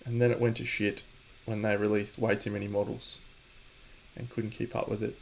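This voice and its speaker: A man's voice: fairly low pitch, little pitch movement, normal speed, vocal fry, darkish tone. A man with an Australian accent, casually chatting to viewers on his stream while painting, joking and mock-boastful, swearing freely.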